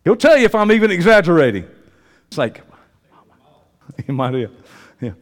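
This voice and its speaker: A man preaching a sermon, folksy and joking, swinging from quiet asides to loud preaching. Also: a little high, very animated, moderate pace, long reverb tail. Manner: folksy, joking, uses y'all and ain't. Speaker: pastor. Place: church sanctuary.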